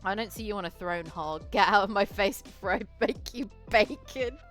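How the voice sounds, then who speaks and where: A woman's voice: sits low, steady tone, fast talker, faint music behind, close to an everyday voice. Woman playing a cocky young werewolf heroine. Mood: taunting. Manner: insulting, cocky, loud. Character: brash young female werewolf player character.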